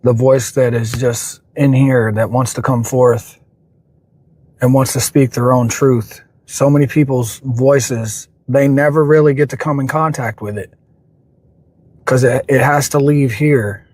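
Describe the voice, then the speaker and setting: A man's voice: mid-range voice, fairly even intonation, unhurried, a little mellow. A man hosting a livestream and giving a reflective, motivational talk. He speaks earnestly and keeps circling back to repeat his points. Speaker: livestream host.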